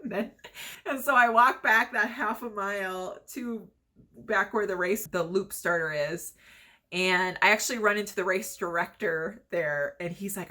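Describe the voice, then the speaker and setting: A woman's voice: medium pitch, moderate pace, pushed and bright. A young woman casually telling a personal story, chatty and laughing often between fillers. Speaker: vlogger telling her story.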